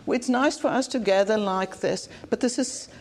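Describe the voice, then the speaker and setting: A woman's voice: a little high, normal speed, darkish tone. A South African woman preaching a conference sermon in an earnest, plain-spoken way, often repeating phrases for emphasis. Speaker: conference speaker.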